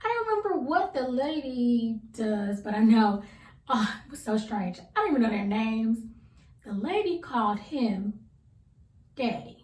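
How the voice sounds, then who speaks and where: A woman in her thirties chats on her vlog in a slightly high voice, rambling through stories with easy slang. She sits well back from the microphone. The room gives her voice a roomy echo. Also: very animated, a little slow, darkish tone. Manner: chatty, rambling storyteller with colloquial slang. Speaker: vlogger. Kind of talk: casual get-to-know-me chat. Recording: roomy sound from a distance.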